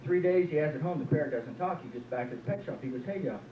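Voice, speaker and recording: Man telling stand-up jokes, folksy, slightly high voice, far off, roomy, dull lo-fi tape. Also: fast, a little hiss or hum. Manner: joke-telling, folksy, lots of "uh" and "he says". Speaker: stand-up comic. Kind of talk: stand-up comedy set. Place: small club, live audience. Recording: echoey lo-fi club tape from afar.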